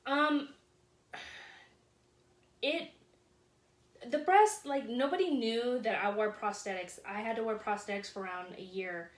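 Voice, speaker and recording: A woman, a guest in a casual interview, telling her story in a calm, matter-of-fact way. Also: fairly high pitch, measured pace, pauses often, reverberant, slight background noise.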